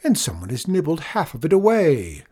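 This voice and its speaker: A man voicing a quarrelsome male farmer who shouts his claims, in a storybook reading. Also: medium pitch, sing-song, normal speed, breathy edge. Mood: indignant. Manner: loud, shouting.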